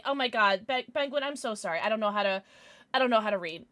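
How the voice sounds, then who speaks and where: Gushing, high-pitched young woman streamer. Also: normal speed, very noisy. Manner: excitable, squealing and gushing over gifts. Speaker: livestreamer. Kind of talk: casual livestream chat.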